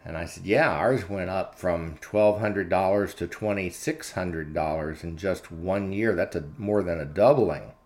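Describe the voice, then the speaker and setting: A commentary channel host tells a story in an unscripted, chatty monologue packed with filler words and dialogue retold through "I said." His low voice is unhurried and darkish, with hardly any pauses.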